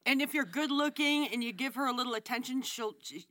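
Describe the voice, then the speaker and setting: A woman's voice: high voice, fairly quick, bright, forceful tone, no echo. A young woman co-hosting a podcast, reacting with sarcastic, exasperated mockery. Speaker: podcast co-host. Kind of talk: casual reaction chat.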